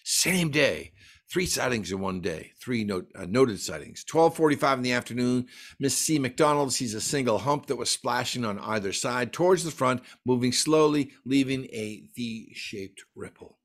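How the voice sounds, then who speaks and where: A man's voice: medium pitch, animated, normal speed. A man giving a folklore lecture at a library, enthusiastically reading out lists of dates and sighting reports. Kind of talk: lecture presentation.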